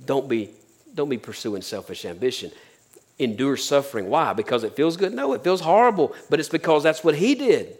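A man preaching a sermon as pastor, talking plainly and dropping his voice low on key points. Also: big pitch swings, brisk, a little mellow. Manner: conversational preaching, sudden drops to near-whispers.

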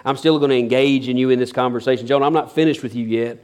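A preacher voicing God as a patient, gentle father figure, speaking softly and calmly. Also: medium pitch, fast talker, clean tone, voice pushed down, natural voice. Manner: calm, soft, reassuring.

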